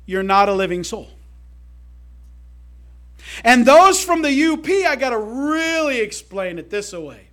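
A man preaching a sermon to his church in a folksy, emphatic way, swinging between loud calls to the congregation and quiet asides. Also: very high voice, sing-song, unhurried, long pauses. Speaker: pastor.

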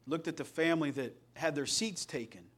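Pastor, middle-aged man from Indiana, high voice, folksy storyteller with a joking streak. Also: fairly quick. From Indiana, USA. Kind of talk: sermon.

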